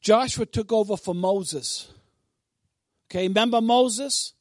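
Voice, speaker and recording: A man preaching a sermon with a high, ringing voice. He builds to bold, emphatic declarations, then drops into quiet, conversational asides to the congregation. The sound is dry and close. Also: slow pace, no echo.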